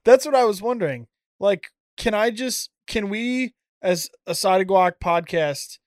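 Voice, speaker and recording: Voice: mid-range voice, no room sound, studio quality. A podcast co-host chatting casually and laughing often. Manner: laughs often, drawn-out lively delivery. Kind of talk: casual chat.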